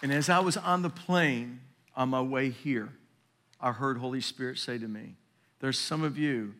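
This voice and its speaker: A man in his fifties preaching a sermon in a church, swinging between loud emphatic peaks and hushed, low storytelling. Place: church sanctuary.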